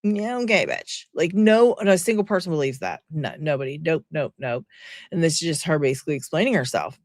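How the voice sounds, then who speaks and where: A woman's voice: low voice, big pitch swings, fairly quick, a little mellow, dry recording, studio quality. A woman giving casual, sarcastic reaction commentary from home, talking to her viewers. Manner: sarcastic, exasperated, chatty. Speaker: commentary vlogger.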